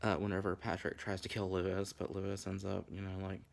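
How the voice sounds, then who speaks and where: A man's voice: low-pitched, completely flat delivery, a little fast, vocal fry. A man in his twenties giving casual, rambling commentary as a vlogger, full of crude, campy, profane asides.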